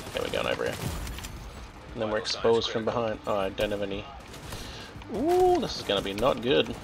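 A man's voice: on the low side, wildly swooping pitch, brisk, vocal fry, rough recording. A man with an Australian accent chatting casually and joking while he plays and comments on a shooter game. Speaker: streamer. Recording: game gunfire and explosions loud behind voice.

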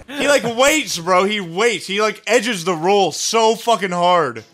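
A young man co-hosting a co-op game session, joking and yelling through boss fights. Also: high-pitched, takes it slowly, few pauses, faint music behind. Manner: excitable, yells and laughs at deaths. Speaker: gaming co-host. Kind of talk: co-op gameplay banter.

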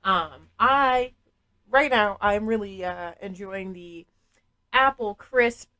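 A woman's voice: mid-range voice, takes it slowly, bright, forceful tone, poor audio. A woman hosting a casual podcast, chatty and frank, laughing often and swearing freely. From New England. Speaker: podcast host.

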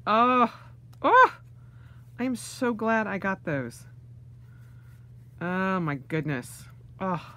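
A woman's voice: mid-range voice, a bit bright. A woman vlogger unboxing things, gushing with gasps and delighted exclamations. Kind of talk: casual unboxing vlog.

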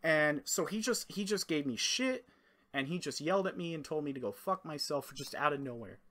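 A man's voice: on the high side, moderate pace. A young man telling a rambling, profane story in a casual monologue, acting out quoted lines as he goes. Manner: rambling, profane, animated retelling with quoted voices. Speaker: storyteller vlogger.

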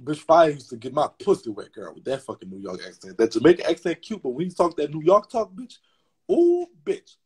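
A man hosting a casual gossip livestream, talking in a sassy, chatty, profane way with a raspy voice. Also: on the high side, animated, fast, few pauses, darkish tone. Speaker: livestream host.

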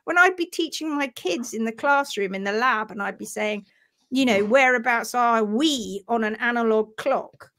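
A woman's voice: fairly high pitch, moderate pace, a bit bright. An English woman hosting a live stream, talking in a passionate, emphatic way. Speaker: host.

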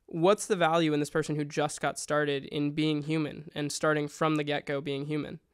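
A man's voice: fairly high pitch, flat delivery, moderate pace, clear, resonant tone. A man hosting a podcast interview, asking questions with curiosity and sharing his own stories. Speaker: podcast host.

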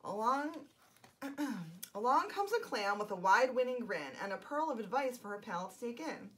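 Soft-spoken librarian lady reading to kids, encouraging, highish voice, bouncy pitch. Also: sing-song, normal speed, distant mic. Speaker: children's librarian. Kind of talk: children's story time reading.

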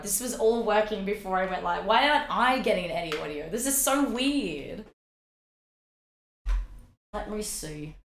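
A woman's voice: medium pitch, vocal fry, roomy sound. A woman streaming a game live, chatting and swearing freely with her chat and sing-songing greetings, her voice a bit worn out.

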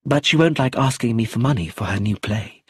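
A man's voice: mid-range voice, a little fast, breathy edge, no room sound. A man reading an audiobook, voicing a composed, firm young woman in a slightly raised voice. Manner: calm, firm.

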